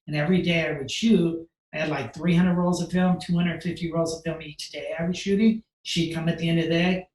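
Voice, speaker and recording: A man guest on a podcast, telling a story in a casual, animated way, acting out the voices of the people he quotes, with many fillers. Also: a little high, roomy sound, slight background noise, low-quality recording. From United States.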